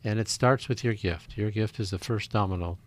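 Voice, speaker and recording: A fairly low-pitched man speaks on a live radio program, making an earnest appeal. He rambles a little and fills pauses with uh. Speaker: radio co-host.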